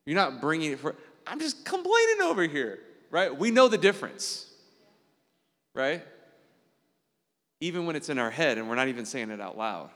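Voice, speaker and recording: A man's voice: moderate pace, pauses often. Earnest preacher man in a reverberant hall. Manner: checks in with listeners through frequent tag questions; earnest, animated preaching with sudden jumps in pitch. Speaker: pastor. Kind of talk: conversational sermon.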